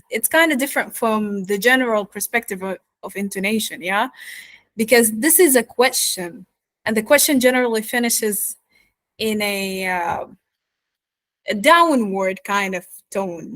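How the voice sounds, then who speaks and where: A woman's voice: medium pitch, a bit bright, no room sound. A woman coaching accents in an online course lecture, explaining step by step and speaking straight to her students. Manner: explanatory, addresses students directly.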